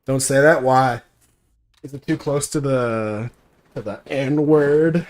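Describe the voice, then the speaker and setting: Brash, profane young gaming streamer. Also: male voice, mid-range voice, takes it slowly. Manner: brash, profane, mocking storytelling. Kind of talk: casual gameplay commentary.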